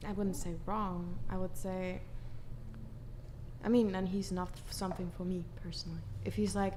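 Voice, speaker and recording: A woman's voice: lowish voice, flat delivery, moderate pace, mellow, a little hiss or hum. A woman on a dating talk panel, stating her opinion bluntly and casually, sometimes swearing. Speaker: panel guest.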